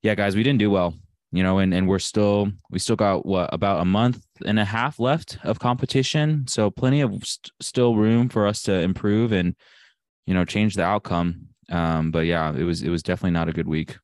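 A man's voice: low voice, steady tone, moderate pace, a little mellow, no room sound. A man running the betting segment of a casual sports podcast, wry and self-deprecating.

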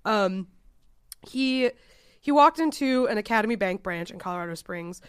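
A woman's voice: medium pitch, expressive, normal speed, smooth, no echo, clean studio sound. A woman co-hosting a casual podcast, still getting over a chest cold, telling a story in a chatty way full of fillers. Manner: chatty, lots of fillers, laughs while telling. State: recovering from a chest cold, prone to coughing. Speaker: podcast co-host.

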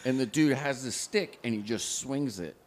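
A man's voice: mid-range voice, moderate pace. A man from Indiana co-hosting a podcast, telling a story in a rambling, profane way. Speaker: podcast co-host. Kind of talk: casual storytelling chat.

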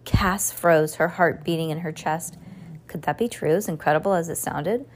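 A woman reads a novel aloud, as a teacher would to her class. Her narration is expressive and unhurried, and she slips into voices for the characters. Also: deep voice.

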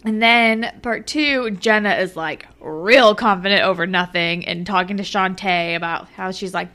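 A woman's voice: measured pace, hardly any pauses. A young woman co-hosting a casual podcast, recapping a TV episode with laughter and playful quoted lines. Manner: animated, laughing, acts out quoted lines in a higher voice. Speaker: podcast co-host.

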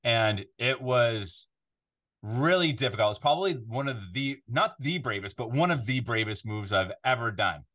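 A man's voice: mid-range voice, normal speed. A Canadian man who works as a voiceover artist, chatting casually as a podcast guest from his home studio, rambling and restarting his sentences. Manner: rambling, restarts often, animated when telling stories. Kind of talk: casual interview chat. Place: home recording studio control room.

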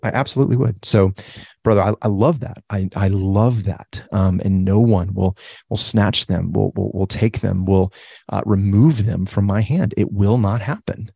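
Gravelly low-voiced man teaching scripture. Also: normal speed, dry recording, clean studio sound. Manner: enthusiastic, animated, repeats affirmations. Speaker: Bible study co-host. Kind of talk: casual Bible study discussion.

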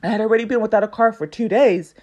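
A woman hosting her own podcast, telling a long story in a casual, animated way and acting out what other people said. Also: a little high, fast. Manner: animated, acts out other people's lines in quoted voices. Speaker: podcast host.

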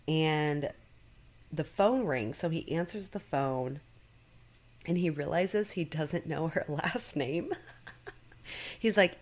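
Woman co-host, low voice, chatty recap with lots of "like". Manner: chatty, many fillers, acts out quotes. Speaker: podcast co-host. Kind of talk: casual recap chat.

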